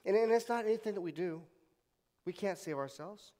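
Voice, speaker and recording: A male pastor with a somewhat high voice delivers a sermon. He tells the story dramatically, dropping from strong emphasis to hushed tones, and has the congregation repeat scripture after him. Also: brisk, long reverb tail. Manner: dramatic retelling with swings from loud to hushed; leads congregation in call-and-response repetition.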